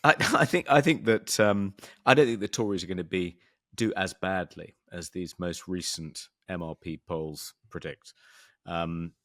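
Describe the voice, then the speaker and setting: A man's voice: sits low, measured pace, fairly bright tone, no echo, clean studio sound. A man co-hosting a podcast, talking through politics in a hesitant way with many ums and restarts. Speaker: podcast co-host. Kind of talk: casual political discussion.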